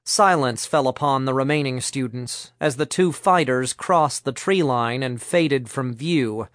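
Male audiobook narrator, measured, unhurried reading, dry close sound. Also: mid-range voice, no echo. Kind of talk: scripted narration.

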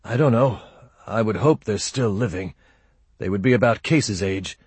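A haunted war veteran, played by a man reading aloud, husky and guarded, whose short answers hold back old pain. The voice is low and close, with a dry sound. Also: normal speed, darkish tone, no echo. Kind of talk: audiobook character voice.

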